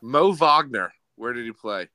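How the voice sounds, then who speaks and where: A man's voice: medium pitch, expressive, a little slow, sharp tone, no echo, low-quality recording. A young man hosting a casual sports quiz on a podcast, teasing the players and calling out the score. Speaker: podcast host, quizmaster.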